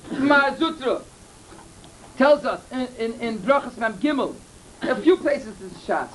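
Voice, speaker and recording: A man's voice: very high-pitched, expressive, measured pace, fairly bright tone, a little hiss or hum, rough recording. A man giving a Torah lecture, telling stories earnestly and repeating key phrases. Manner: earnest, repeats himself, mixes in Hebrew and Yiddish terms. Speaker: Torah teacher.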